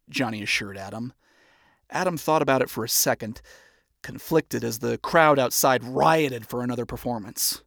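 A narrator reading a fan story aloud in a steady storytelling manner. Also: mid-range voice, normal speed, no room sound, clean studio sound. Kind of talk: amateur audiobook reading of fan fiction.

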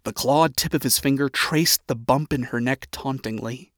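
A man giving a steady, even reading as the narrator of a story. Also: mid-range voice, moderate pace, no echo, clean studio sound.

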